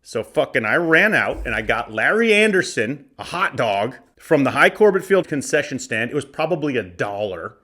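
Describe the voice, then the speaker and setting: A man in his forties from Arizona hosts a casual comedy podcast. He opens a box of cards and riffs on each one, swearing freely and cracking jokes. His pitch sits in the middle but swings widely up and down as he talks. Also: sing-song, moderate pace, few pauses, pushed and bright. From Arizona, USA. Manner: profane, joking, riffing. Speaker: podcast host. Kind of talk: casual comedic card-opening commentary.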